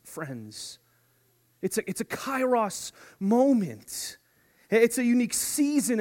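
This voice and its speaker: A man with a high voice delivering a sermon to his congregation. He is animated and playful, dropping to a hush and then climbing to excited shouts. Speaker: preacher.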